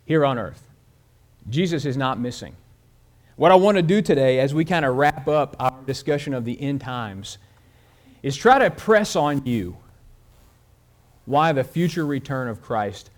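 A man preaching a sermon, telling a story and speeding up and slowing down as he goes. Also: on the high side. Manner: storytelling with shifts of pace and loudness. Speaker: pastor.

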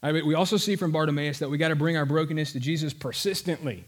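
A man preaching a sermon in a conversational, animated storytelling manner. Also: on the high side, fast talker. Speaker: pastor.

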